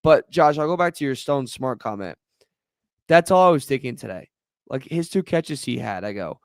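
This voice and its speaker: A man with a smooth, resonant voice co-hosts a sports podcast. He talks through plays in a measured, analytical way in casual chat. The recording is dry and close. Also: medium pitch, lively intonation, dry recording. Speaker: podcast co-host.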